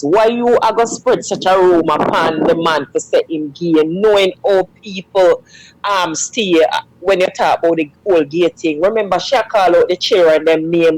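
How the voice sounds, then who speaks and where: A man with a Jamaican accent calling into a talk show, speaking excitedly in patois with laughter. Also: high voice, rough recording. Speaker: caller. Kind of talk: call-in comment.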